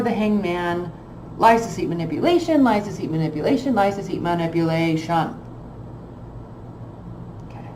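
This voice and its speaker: A woman's voice: mid-range voice, warm tone, roomy sound, a little hiss or hum, rough recording. A woman reading tarot cards in a blunt, emphatic way, repeating phrases for stress. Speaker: tarot reader.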